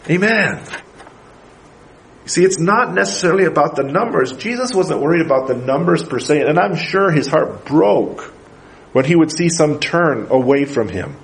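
High-voiced man preaching a sermon. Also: poor audio. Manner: preaching with rising emphatic bursts, asking the congregation questions. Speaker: pastor. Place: church.

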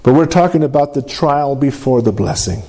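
Mellow-voiced man preaching a sermon. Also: lively intonation. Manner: preaching with call-and-response, asking for amens; swings from high emphatic to low drawn-out delivery. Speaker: pastor.

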